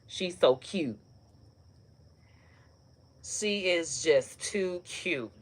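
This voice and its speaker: Low-voiced woman ranting profanely. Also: very slow, long pauses. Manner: profane, animated storytelling with laughter. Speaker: online comedy host. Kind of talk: casual live-stream rant.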